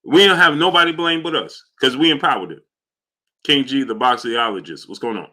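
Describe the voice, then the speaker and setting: A man with a mid-range voice runs a laid-back boxing livestream out of New York, talking fairly quickly. He reads super chats aloud and calls out viewers' names in loud bursts.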